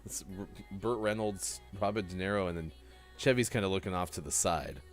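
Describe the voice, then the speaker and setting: A man's voice: deep voice, brisk, soft background music. A man hosting a morning show, chatting casually and joking with a co-host in a rambling way. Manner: lively, joking, rambling delivery. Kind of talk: casual live-stream radio chat.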